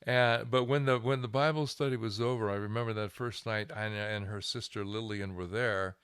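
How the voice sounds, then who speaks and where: An older man, a guest minister, telling a lively anecdote in an interview, chuckling and restarting his phrases. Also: lowish voice, moderate pace, hardly any pauses, smooth, no room sound, studio quality. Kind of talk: storytelling interview.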